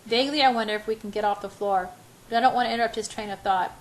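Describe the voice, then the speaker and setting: A woman's voice: a little high, racing, rough recording. Woman reading a romance novel, breathless and emotional, bit of background hiss. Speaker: audiobook reader.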